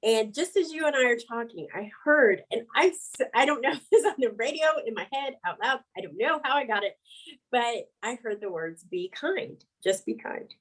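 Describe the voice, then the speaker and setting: A middle-aged woman speaking as an interview guest, her voice sitting somewhat high. She tells her story frankly in an animated, conversational way, breaking into laughter between words. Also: a little fast, poor audio.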